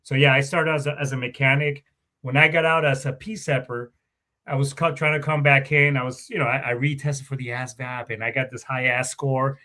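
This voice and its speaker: This guest, also a middle-aged former Marine warrant officer, has a mid-range, pushed and bright voice that stays steady and moves briskly. He tells his stories loosely, curses a lot, and keeps fixing what he just said as the casual interview goes on.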